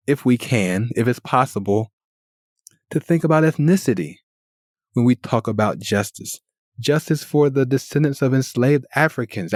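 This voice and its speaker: A man's voice: mid-range voice, darkish tone, dry recording, clean studio sound. Earnest man hosting a solo podcast. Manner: earnest, persuasive, strings of rhetorical questions. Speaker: podcast host.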